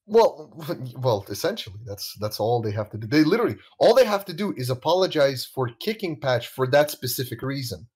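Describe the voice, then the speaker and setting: A man's voice: medium pitch, big pitch swings, brisk, hardly any pauses, darkish tone, breathy edge, low-quality recording. A man hosting a voice call, talking bluntly and swearing, checking facts with the others as he goes. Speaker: channel host leading a voice call. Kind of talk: casual heated call chat. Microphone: voice chat call.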